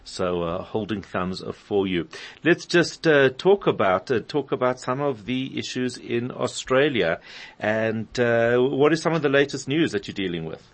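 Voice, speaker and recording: A man's voice: mid-range voice, animated, measured pace. A man hosting a radio interview, asking his guest questions with brief, friendly prompts. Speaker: radio host.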